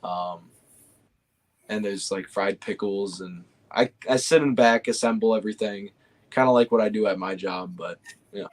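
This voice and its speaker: A young man chatting casually and easily, often pausing with fillers and restarting his sentences. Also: fairly low pitch. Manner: easygoing, hesitant with fillers and restarts. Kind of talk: casual chat.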